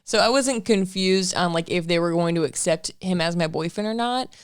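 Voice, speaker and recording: A young woman in her twenties chats frankly on a casual couple podcast, laughing easily between points. Her voice sits a little low for a woman and comes across smooth and clean. The sound is close and dry. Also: moderate pace, no echo. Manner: chatty, laughs often, frank. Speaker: podcast co-host.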